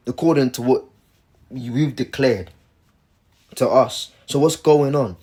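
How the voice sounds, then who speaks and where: Male preacher: casual, emphatic, repetitive, mid-pitched. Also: normal speed, darkish tone. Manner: emphatic, repeats himself, keeps saying "man". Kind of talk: casual religious commentary.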